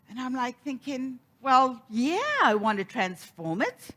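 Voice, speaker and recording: Middle-aged woman preacher, animated storyteller with a lively, swooping delivery. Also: fairly high pitch, unhurried, few pauses. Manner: storytelling, animated, acts out quoted voices. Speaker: minister. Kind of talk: sermon.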